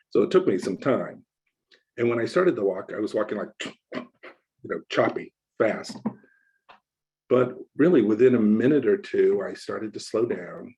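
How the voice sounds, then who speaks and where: A male minister telling a personal story in a relaxed, conversational sermon, acting out the voices of the people he quotes. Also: fairly low pitch, creaky, breathy edge, low-quality recording.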